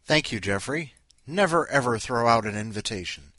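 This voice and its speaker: A man's voice: medium pitch, sing-song, normal speed, bright, forceful tone, dry recording, clean studio sound. A man hosting a podcast in a playful, rambling, jokey way. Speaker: host. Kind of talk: casual podcast chat.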